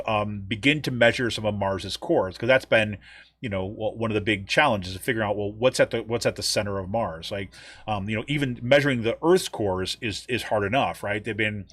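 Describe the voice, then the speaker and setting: A man's voice: fairly low pitch, fairly bright tone, no room sound. Rambling American man on a podcast. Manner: rambling, many ums and restarts. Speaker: podcast co-host. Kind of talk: casual news chat.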